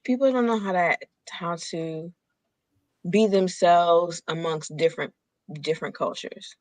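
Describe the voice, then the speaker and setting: A speaker in a casual conversation as a guest, lively and quick to laugh. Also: medium pitch, no room sound, low-quality recording. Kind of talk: casual chat.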